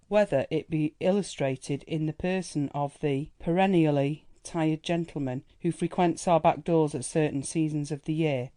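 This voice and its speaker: This is an audiobook narrator with a mid-range voice, reading a classic novel at a steady, even pace as a storyteller.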